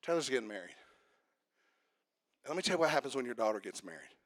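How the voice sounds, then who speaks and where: A middle-aged man preaching a sermon. He swings from shouted, sing-song preaching to hushed, chatty storytelling. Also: medium pitch, sing-song, fast talker, dry recording. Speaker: pastor.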